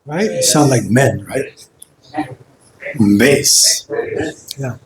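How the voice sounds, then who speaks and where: Man, singing teacher, high voice, slow deliberate pace, roomy hall echo. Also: animated, crowd noise. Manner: demonstrates sounds with sung vowels. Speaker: kirtan teacher. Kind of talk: vocal workshop lecture.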